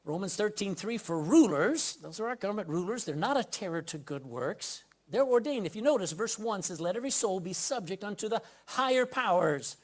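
A pastor preaches a sermon from a church pulpit in a high-pitched, expressive voice, talking fairly quickly with hardly any pauses. He's emphatic, swinging between loud scripture reading and quiet asides, and puts direct questions to the congregation.

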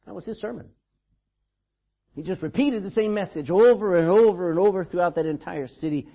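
A man's voice: sits high, brisk, lo-fi sound. A man preaching a sermon in a church, telling the story dramatically and with emphasis. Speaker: pastor.

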